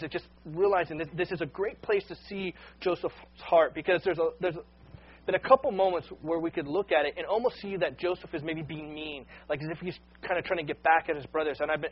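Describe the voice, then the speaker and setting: A man preaching a sermon with earnest, unpolished delivery, often doubling back on his first words. His voice sits a little high and sounds husky. The recording is dull and lo-fi. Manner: earnest, repeats words when starting sentences. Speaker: pastor.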